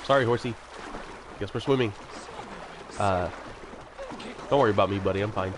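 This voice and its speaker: A let's-play commentator with a fairly low voice talks at a normal pace over video game music and other background noise. He rambles casually as he plays, tossing in chatty jokes at his own expense.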